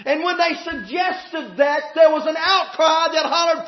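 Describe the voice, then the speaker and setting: A man preaching a sermon, impassioned and shouting at times, drawing out emphatic phrases. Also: extremely high pitch, a little slow, few pauses. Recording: echoey, dull hall recording.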